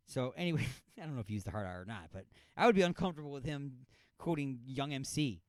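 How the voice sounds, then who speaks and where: A man's voice: medium pitch, lively intonation, fast, no echo, studio quality. A man co-hosting an internet radio show, chatting casually and joking around. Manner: joking, jumps between goofy accents. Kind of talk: casual podcast banter.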